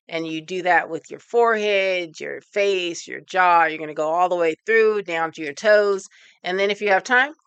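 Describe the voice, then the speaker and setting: A woman coach runs a live online workshop, her voice crisp and bright. She sits a little low in pitch and encourages the group as she counts them through breathing and tensing exercises. The sound is dry and close. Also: dry recording. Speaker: emotional intelligence coach.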